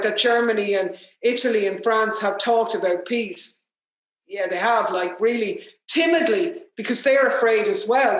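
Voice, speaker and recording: An Irish woman speaks with fiery indignation, driving her points home in quick, forceful bursts. Her voice sits in a middling register. It rings around a very echoey room, as if she is on a video call. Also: mid-range voice. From Ireland. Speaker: politician speaking at a webinar. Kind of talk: impassioned political speech.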